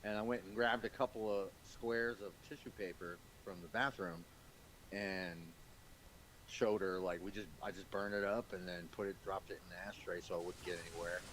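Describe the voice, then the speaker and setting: A man's voice: sits low, steady tone, normal speed, fairly bright tone, a little hiss or hum, rough recording. A man chatting casually over a game, rambling with lots of fillers and frequent laughs. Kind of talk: casual chat while gaming.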